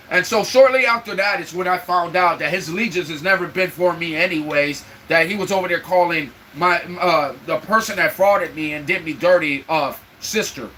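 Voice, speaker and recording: A man's voice: sits high, moderate pace, hardly any pauses, sharp tone, a little hiss or hum, low-quality recording. A man hosting his own live stream, venting emotionally and talking straight to his viewers in casual chat. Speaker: livestream host. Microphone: own microphone for the live stream.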